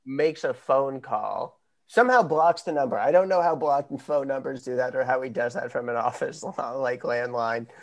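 A man's voice: mid-range voice, normal speed. A man co-hosting a podcast, joking through a casual episode recap and putting on silly voices. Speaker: podcast co-host.

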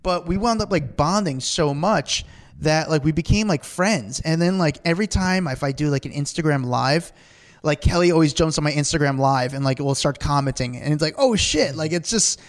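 A man on a podcast telling stories in a casual, rambling way, with many fillers along the way. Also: fairly high pitch. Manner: rapid, rambling, full of "like" fillers. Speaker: podcast guest. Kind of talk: animated storytelling in casual chat.

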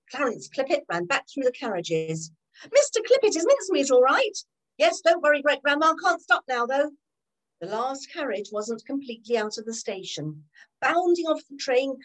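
A woman narrating a children's storybook in an expressive, animated way. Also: fairly high pitch, rough recording.

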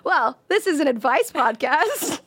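Young woman podcast host, high voice, giggly and teasing, dry close mic. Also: big pitch swings, a bit bright, dry recording. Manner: playful, giggly, quick to tease. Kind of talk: casual chat.

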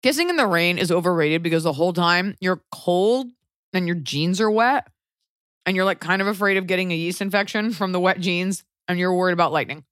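Joking, animated woman podcast host. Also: on the low side, dry recording, clean studio sound. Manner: animated, joking storyteller, quick impressions. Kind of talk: casual comedic chat.

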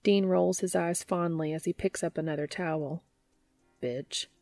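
Low-voiced woman reading a story. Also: steady tone, normal speed, gravelly, warm tone, no room sound, faint music behind. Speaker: podcast narrator. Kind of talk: reading fan fiction aloud.

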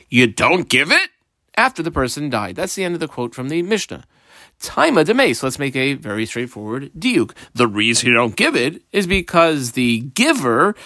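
A man giving a Talmud class, reading out Aramaic phrases and explaining each one in plain, casual English. His voice sits in a middle pitch. The recording is dry and close. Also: fairly bright tone, no room sound. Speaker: Talmud teacher. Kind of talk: Talmud lesson.

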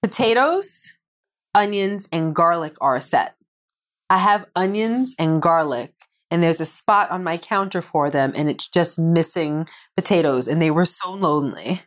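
Animated playful woman co-host. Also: on the low side, unhurried. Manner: playful, teasing, laughs often. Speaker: podcast co-host. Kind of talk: casual couple chat.

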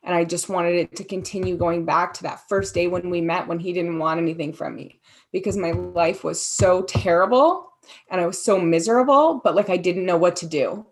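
A woman speaking candidly in an interview, talking haltingly with frequent fillers. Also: fairly low pitch. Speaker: guest sharing her story. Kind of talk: personal testimony interview.

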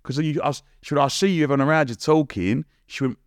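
A young man with a London accent, a podcast guest telling a story in a lively, cheeky way, acting out what people said and laughing often. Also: medium pitch, quick pace, no echo, clean studio sound. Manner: blunt and cheeky, swears casually. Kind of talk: casual storytelling.

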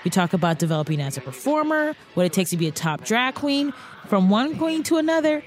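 Bubbly woman podcast host, lively pitch. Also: a little fast. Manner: bubbly, laughs often. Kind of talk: casual interview chat.

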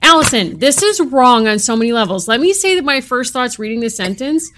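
A woman's voice: a little high, animated, a little fast, fairly bright tone, slight background noise. Wry, dramatic woman podcast co-host. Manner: wry, dramatic, exasperated humor. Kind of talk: casual podcast chat, reading a book aloud.

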